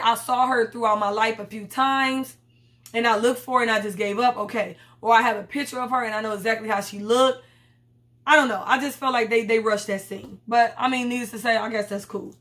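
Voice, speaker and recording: A woman recapping a TV episode in casual, profane chat, bluntly retelling scenes in her own words and voices. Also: fairly high pitch. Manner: blunt, profane, animated storytelling with quoted voices. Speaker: TV recap host.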